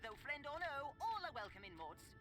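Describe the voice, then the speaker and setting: A woman's voice: high-pitched, big pitch swings, a little fast, bright, forceful tone, full character voice. A woman voicing a small, eager burrowing creature merchant in a video game, with chirpy, repetitive, quirky phrasing. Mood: cheerful.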